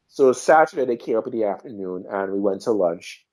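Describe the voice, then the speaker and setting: A man from Trinidad and Tobago, a podcast guest telling animated travel anecdotes and acting out the people he met. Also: on the low side, a little fast. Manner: animated, acts out quoted voices. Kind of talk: casual storytelling chat.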